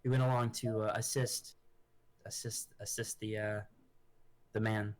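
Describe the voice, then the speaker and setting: A man's voice: on the low side, level tone, measured pace, close to an everyday voice. A man voicing a grieving noblewoman adventurer who rambles and restarts her sentences. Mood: chatty. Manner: rambling and hesitant, with many restarts.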